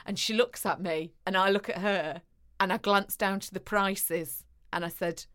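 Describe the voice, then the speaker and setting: A woman's voice: medium pitch, fairly even intonation, moderate pace, fairly bright tone. A woman co-hosting a casual chat, telling a funny story with acted-out dialogue and frequent laughter. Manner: chatty storyteller, laughs often, acts out dialogue. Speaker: podcast co-host.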